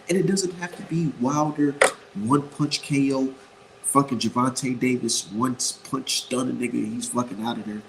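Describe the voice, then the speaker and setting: Gravelly-voiced man ranting about boxing. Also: medium pitch, moderate pace, a little hiss or hum, low-quality recording. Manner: profane, blunt and emphatic; rambling, repeats points for emphasis. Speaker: boxing commentator. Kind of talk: casual boxing opinion rant.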